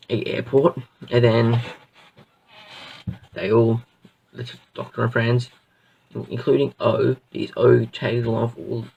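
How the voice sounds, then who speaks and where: A man's voice: medium pitch, vocal fry, a little mellow, slightly rough, distant mic, lo-fi sound. A man reviewing a show in a casual, rambling way, full of fillers and restarts. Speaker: video reviewer.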